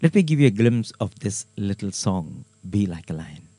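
A man hosting and announcing programs in an earnest, measured way. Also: lowish voice, very animated, warm tone, husky. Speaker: host.

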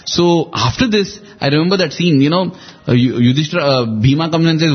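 Man, husky, higher pitch, reflective conversational storyteller, dull lo-fi sound. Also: a little fast. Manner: reflective, acts out quoted lines with shifting emphasis. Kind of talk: conversational storytelling about scripture.

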